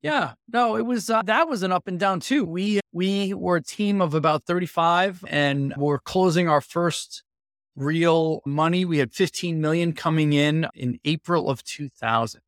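Here the same kind of guest, a man in his fifties who founded an executive consultancy, sounds fairly high-pitched and a little slow. The sound is clean studio audio with no room sound. Telling career stories in a casual interview, he brings them to life by performing the dialogue people spoke to him.

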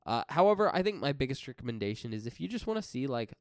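Smooth-voiced podcast host, measured. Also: male voice, medium pitch, sing-song, no room sound, studio quality. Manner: measured, explains and leads the segments. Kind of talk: casual chat.

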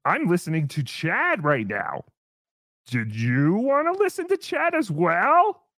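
A congested man hosting a live stream, reading out donations with loud exclamations. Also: high voice, slow, no echo, studio quality. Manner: animated, reads out donations with exclamations. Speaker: podcast host.

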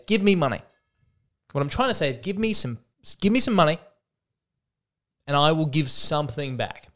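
A man's voice: on the high side, expressive, quick pace, fairly bright tone. A man hosting a solo comedy podcast, talking in a wry, self-mocking way and acting out the voices in his jokes. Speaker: podcast host.

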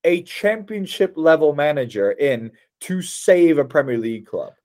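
A man co-hosting a casual football podcast, animated and opinionated, laughing often. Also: fairly high pitch, normal speed. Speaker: podcast co-host.

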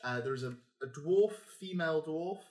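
A man's voice: on the high side, expressive, normal speed, darkish tone, roomy sound. A man narrating a tabletop game as game master, laid-back and hesitant, laughing often.

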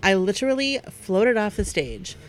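A woman co-hosting a podcast, reading listener stories aloud at a steady pace and breaking off now and then to chat with her co-host. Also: medium pitch, moderate pace.

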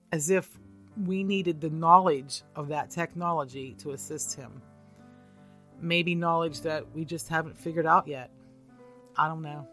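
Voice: mid-range voice, fairly bright tone. Earnest storyteller reading spooky tales. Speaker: podcast host reading listener stories. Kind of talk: reading a true ghost story aloud.

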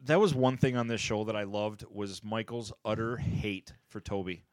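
A man co-hosting a casual podcast chat, retelling favorite comedy scenes and acting out the characters' lines with big pitch jumps and laughs. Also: normal speed, no echo. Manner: animated, acts out quotes with pitch jumps and laughs. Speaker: podcast co-host. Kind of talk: casual chat, ranking favorite sitcom moments.

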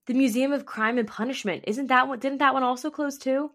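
A woman's voice: high voice, steady tone, a little fast, a bit bright. A young woman co-hosting a podcast in casual chat, playful and teasing, laughing easily. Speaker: podcast co-host.

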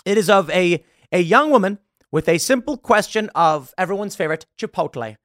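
A man hosting a political commentary show, talking in an animated, rambling monologue full of fillers. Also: high voice, a little fast, no room sound, studio quality. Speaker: show host.

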